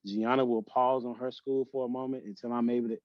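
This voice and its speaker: Speaking with little pitch movement at a medium pitch, a male podcast guest works haltingly through a personal, emotional conversation full of restarts and fillers. The recording is lo-fi with no room sound.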